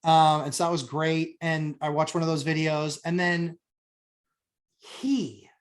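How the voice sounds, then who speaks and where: A woman telling a story with animated exasperation, an investor chatting on a podcast. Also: deep voice, moderate pace. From New Hampshire, USA. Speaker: real estate investor, co-host. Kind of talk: casual podcast chat.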